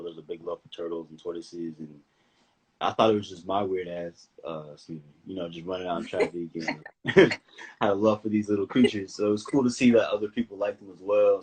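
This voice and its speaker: A young man speaking as the guest of a casual live-stream interview, relaxed and laid-back, laughing easily. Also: sits low, breathy edge, poor audio. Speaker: guest athlete.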